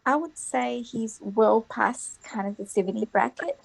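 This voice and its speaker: A woman on a group call answering hesitantly and carefully, with many pauses. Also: fairly high pitch, vocal fry, husky, dry recording, low-quality recording.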